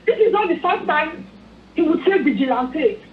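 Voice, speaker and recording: A Nigerian woman phones in to a talk show, her voice very high and full of swoops. She speaks with anger and keeps pleading. The call comes through a thin, phone-like line with a roomy echo. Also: animated, normal speed, a little hiss or hum. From Edo State, Nigeria. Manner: angry, pleading, repetitive. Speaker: phone-in caller. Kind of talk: impassioned political commentary. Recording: echoey tinny phone line.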